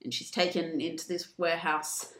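Woman co-host, casual story recap, animated, lowish voice, echoey room. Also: moderate pace. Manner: animated, laughing, acting out quotes. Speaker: podcast co-host. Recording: roomy echo.

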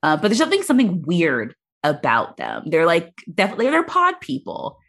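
Husky-voiced woman, lively podcast chat. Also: fairly low pitch, brisk. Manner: animated, swears a lot, laughs often. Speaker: podcast co-host. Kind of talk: casual movie chat.

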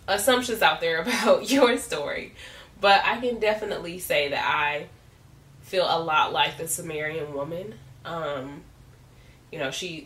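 Casting: low-pitched woman, casual devotional host, laughs often, recorded away from the mic in a roomy space. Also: sharp tone. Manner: chatty, laughs often, colloquial asides. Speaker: podcast host. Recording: roomy echo, distant from the mic.

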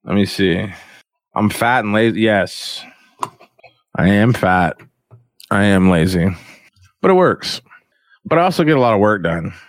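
A man's voice: fairly low pitch, moderate pace, long pauses, no room sound. A man hosting a casual livestream chat, rambling in a profane, slangy, self-mocking way. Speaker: podcast host.

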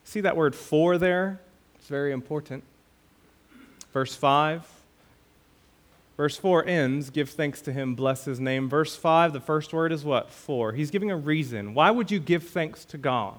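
A man preaching a sermon as pastor, reading scripture aloud and repeating key words with emphatic swings between loud and quiet. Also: a little high. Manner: slow, emphatic preaching with dramatic swings in loudness.

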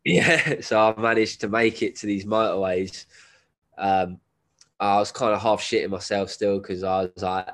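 Low-voiced bloke, podcast guest with a cold, laddish and sweary storyteller. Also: male voice, steady tone, moderate pace, fairly bright tone. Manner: swearing, laddish slang, laughs while telling. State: has a cold. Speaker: guest, endurance runner. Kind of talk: casual storytelling.

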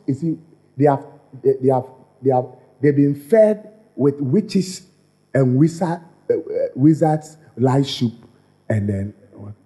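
A man preaching a sermon as pastor, repeating phrases and restarting lines as he builds his point. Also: medium pitch. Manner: repetitive, animated preaching with stammered restarts.

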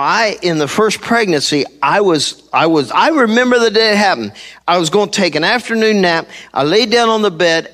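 A man's voice: high-pitched, fairly bright tone. A middle-aged man preaching a sermon from a church stage, telling funny stories and acting out the people in them. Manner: humorous storytelling, acting out quoted people. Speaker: pastor. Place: church stage before a congregation. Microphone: handheld mic.

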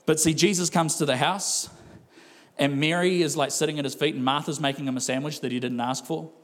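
High-voiced male pastor preaching. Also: fairly even intonation, a little fast. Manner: conversational, laughing asides, acts out quoted voices. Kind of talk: sermon.

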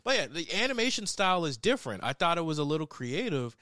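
A man's voice: on the high side, very animated, fast talker, bright, forceful tone, no echo. Young man in a dry, rambling chat. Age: young adult. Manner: rambling, with many fillers and restarts, swearing and laughing. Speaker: reviewer. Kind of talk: casual chat.

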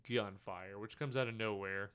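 A man's voice: lowish voice, steady tone, normal speed, fairly bright tone, clear, resonant tone. A man co-hosting a podcast, casually recapping a movie scene by scene, rambling with fillers and quoted lines. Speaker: podcast co-host. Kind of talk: casual movie review chat.

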